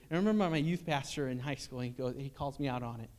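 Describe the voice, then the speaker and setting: Male pastor, slightly higher pitch, conversational sermon delivery with stories and asides. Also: steady tone, racing, hardly any pauses, a bit bright. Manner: earnest and conversational, with storytelling and rhetorical questions.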